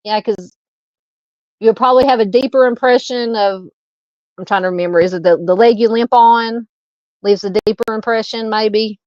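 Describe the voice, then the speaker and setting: A woman's voice: fairly high pitch, a little mellow, dry recording, dull audio. Southern woman hosting a chatty live stream. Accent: Arkansas Southern. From Arkansas. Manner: thinking aloud, halting, reading viewer comments and greeting chatters. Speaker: true crime live stream host. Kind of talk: casual live-stream chat and commentary.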